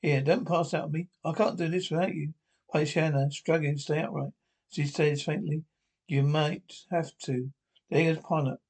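Guy reading a tv script out loud, slightly high voice, trips over words a lot. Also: flat delivery, brisk, breathy edge. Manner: reads stage directions and dialogue aloud with stumbles and restarts. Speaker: reader of an episode script. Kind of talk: read-aloud script narration.

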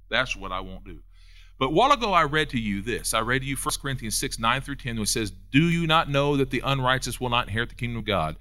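A man delivers a sermon, his pitch swinging widely as he presses his points. His voice carries a bright, forceful edge, and he drives ideas home by repeating them. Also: animated. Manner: preaching with rising emphatic peaks and quick repetitions. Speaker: preacher.

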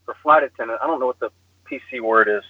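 A man telling a story in casual podcast chat, animated and self-deprecating, often laughing at himself, heard over a phone call. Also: medium pitch, fast talker, no room sound. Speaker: guest storyteller. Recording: slightly muffled phone line.

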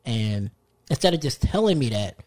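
A man's voice: medium pitch, big pitch swings, normal speed, a little mellow. A young man co-hosting a casual podcast, telling brash stories and acting out the people in them with a raised voice. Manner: brash storytelling, acts out quoted people in raised voice. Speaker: podcast co-host.

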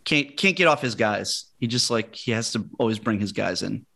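A man's voice: on the low side, lively intonation, moderate pace, creaky, bright, forceful tone. A man co-hosting a casual podcast chat, joking and telling anecdotes. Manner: joking storyteller with laughs and backchannels. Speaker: podcast co-host.

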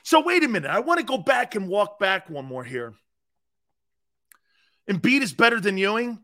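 Animated high-pitched sports talk host. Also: male voice, normal speed. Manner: animated, emphatic, argumentative with chuckles. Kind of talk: opinionated sports radio talk.

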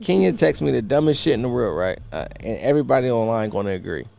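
A man on a podcast telling a profane, animated story and acting out other people's lines. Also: medium pitch, fast, vocal fry. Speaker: podcast co-host.

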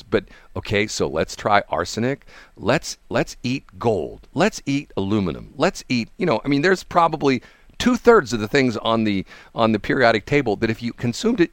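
Man, radio host, casual on-air chat, rambling restarts, lively pitch swings, dry studio sound. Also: no room sound. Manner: rambling, animated, many restarts and asides.

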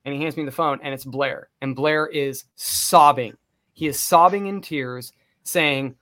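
A young man casually telling a long story on a talk show, profane and animated. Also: a little high, measured pace.

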